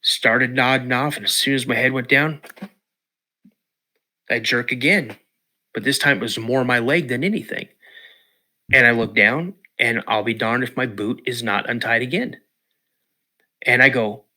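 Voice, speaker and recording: A man from Washington state, a podcast guest telling a story in an animated way, acting out quotes and repeating words. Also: medium pitch. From Washington state, USA.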